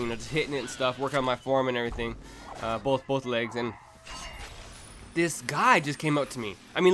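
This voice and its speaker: A man's voice: a little high, a bit bright, a little hiss or hum. A young man in his twenties telling a rambling, profane story for his vlog, full of restarts and laughs. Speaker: vlogger.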